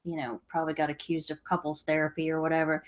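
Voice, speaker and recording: A woman's voice: deep voice, monotone, quick pace. A woman co-hosting a casual live-stream business chat with her husband, thoughtful and rambling with many restarts. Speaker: co-host of a live reselling business show.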